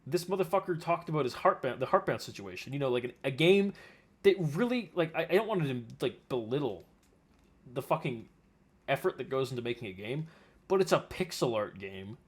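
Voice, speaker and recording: A man's voice: medium pitch, big pitch swings, fairly quick, husky. A man reacting to a video with exasperated, profane ranting commentary. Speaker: commentary streamer.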